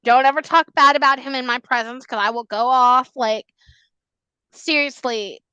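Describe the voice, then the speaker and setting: A woman's voice: high voice, steady tone, moderate pace, sharp tone, clear, resonant tone, no echo, lo-fi sound. A woman hosting a podcast, chatting in a gushing, emphatic way. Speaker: podcast host. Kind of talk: casual podcast chat.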